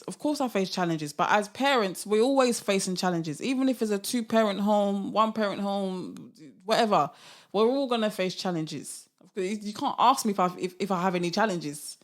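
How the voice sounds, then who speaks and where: Chatty woman podcasting solo. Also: medium pitch. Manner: animated, laughing, rhetorical questions. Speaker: podcast host. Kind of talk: casual solo podcast monologue.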